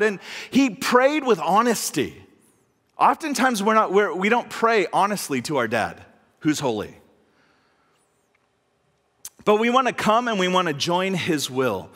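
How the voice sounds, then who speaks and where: Lively high-voiced male pastor preaching. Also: measured pace, in a large hall. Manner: conversational, animated, voices God humorously. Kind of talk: sermon. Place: church hall.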